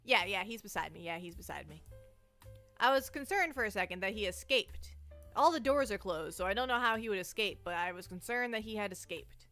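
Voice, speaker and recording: A woman's voice: medium pitch, expressive, fairly quick, a bit bright, faint music behind. A nervous woman streamer chatting casually, rambling and restarting her sentences, anxious and shaky. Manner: nervous, rambling, self-interrupting. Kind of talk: casual live-stream chat.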